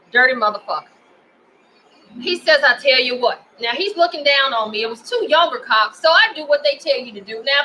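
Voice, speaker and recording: A high-voiced woman with a Memphis accent, ranting with fierce, profane indignation. Her tone is bright and edged, with faint background noise under it. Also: poor audio. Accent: Memphis, Tennessee. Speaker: vlogger. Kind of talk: angry personal rant to camera.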